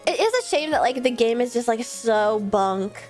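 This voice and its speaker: A woman streamer chatting casually and rambling at the end of a gaming stream, sleepy and a little hoarse. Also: on the high side, lively intonation, normal speed, darkish tone. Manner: chatty, rambling, self-deprecating. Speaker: video game streamer. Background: faint background music.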